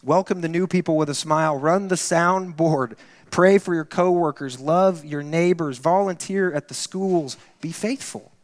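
A male pastor delivering a sermon with a fairly high voice. He tells a story earnestly and then eases into soft, intimate exhortation. The sound carries a long reverb, as in a large church hall. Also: normal speed.

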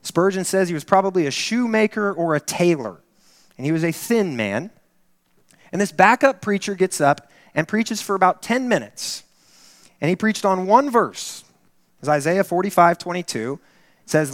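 A male pastor preaching a sermon, telling a story earnestly and drawing it into quiet, intimate encouragement. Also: fairly high pitch, expressive, moderate pace. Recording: reverberant church hall.

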